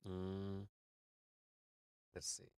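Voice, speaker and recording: Low-voiced man giving casual music feedback. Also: monotone, drawn-out words, a little mellow, clean tone. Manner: rambling, filler-heavy, explains with vivid analogies. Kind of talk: casual live-stream commentary.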